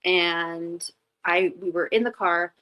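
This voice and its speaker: Chatty woman guest, lowish voice. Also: fairly even intonation, takes it slowly, sharp tone, rough recording. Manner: chatty, full of "like" fillers and restarts; candid and reflective. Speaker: podcast guest. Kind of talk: casual storytelling in an interview.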